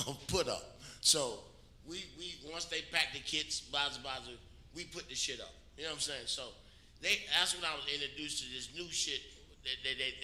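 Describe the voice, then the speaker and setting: A middle-aged radio co-host tells a story in a profane, emphatic way, his voice sharp and forceful. He keeps asking his listeners if they follow him. The room around him is noticeably echoey, with a faint hiss underneath. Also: mid-range voice. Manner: profane, emphatic, keeps asking "you know what I'm saying". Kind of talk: casual storytelling chat. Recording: roomy echo with faint noise.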